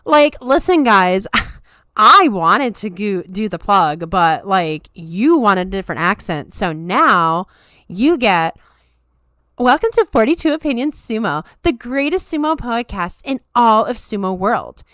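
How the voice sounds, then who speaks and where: A woman's voice: medium pitch, expressive, a little slow, a bit bright, no room sound, clean studio sound. A woman voicing a bubbly, annoying Valley Girl who reads a podcast plug in a perky, "like"-filled way. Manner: perky, upspeaking, "like"-filled delivery.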